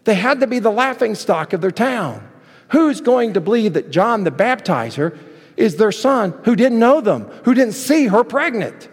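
A man preaching a sermon, telling the story with lively asides and acting out the people in it. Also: high-pitched, brisk, long reverb tail. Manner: animated storytelling, acting out voices. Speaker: pastor.

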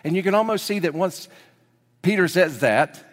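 A man preaching a sermon as pastor, telling the story with lively energy and dropping to hushed emphasis at key points. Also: high voice, moderate pace. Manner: animated storytelling, swings between loud excitement and hushed emphasis. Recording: long reverb of a large hall.

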